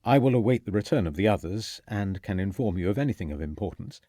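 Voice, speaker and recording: A man voicing a calm detective who speaks in a measured, courteous way. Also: lowish voice, dry recording.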